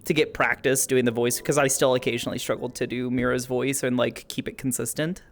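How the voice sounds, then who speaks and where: A man chatting casually with friends during a role-play game stream, excitable and quick to laugh. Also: mid-range voice.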